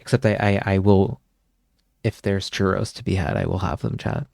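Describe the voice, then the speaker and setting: A man's voice: low voice, normal speed, vocal fry, darkish tone, no echo, studio quality. Casual, swearing man streamer. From Canada. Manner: rambling, swears often, chuckles. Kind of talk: casual chat with stream viewers.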